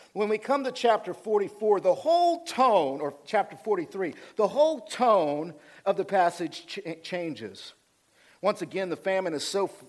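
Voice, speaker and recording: A male pastor preaching a sermon, calling for amens and swinging from hushed, slow points to rising fervor. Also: a little high.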